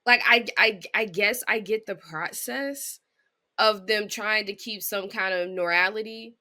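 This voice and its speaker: A woman's voice: medium pitch, unhurried, bright, forceful tone. A young woman co-hosting a sports podcast in casual chat. She thinks aloud in an earnest, emphatic way. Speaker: podcast co-host.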